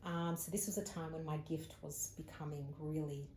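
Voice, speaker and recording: A woman's voice: sits low, normal speed. An Australian woman, a psychic medium as an interview guest, telling a personal story in casual conversation and acting out the people she quotes. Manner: animated storyteller, acts out quoted speech. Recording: echoey room with faint ambient noise.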